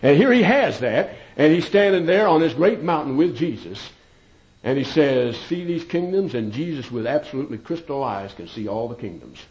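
Male preacher, sermon, emphatic, loud-and-soft delivery, dull lo-fi sound. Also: medium pitch, animated, moderate pace. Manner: emphatic, swinging between loud peaks and quiet asides.

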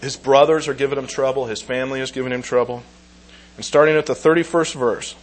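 A man's voice: mid-range voice, fairly even intonation, slight background noise, poor audio. Earnest man giving a church talk. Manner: earnest, emotional, halting with restarts. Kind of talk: sermon with scripture reading.

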